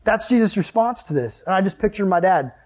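A young man giving a casual, animated sermon as a youth pastor, with a chatty manner and lots of "like". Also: high-pitched, brisk. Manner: animated, chatty, heavy use of "like".

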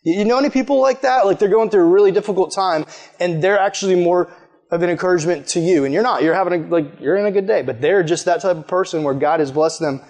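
A man preaching a sermon in a casual, animated way, acting out the people he quotes. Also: sits high, quick pace.

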